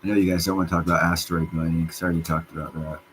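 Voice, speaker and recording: A man hosting a livestream, chatting with viewers in a rambling, profane, excitable way and jumping from topic to topic. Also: low-pitched, rapid-fire, slight background noise, low-quality recording. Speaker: livestream host answering chat. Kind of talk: casual rambling rant.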